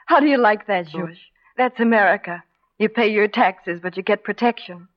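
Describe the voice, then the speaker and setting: A woman playing a small-town wife in a 1940s radio drama, talking in a calm, quietly resolute way. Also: mid-range voice, moderate pace, natural voice. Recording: dull 1940s radio broadcast.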